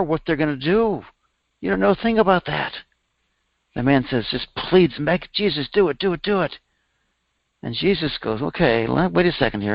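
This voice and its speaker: A spiritual teacher with vocal fry delivers a storytelling sermon, recounting a parable and lifting his pitch to voice each character's lines. The recording has no echo, and its high frequencies are cut off.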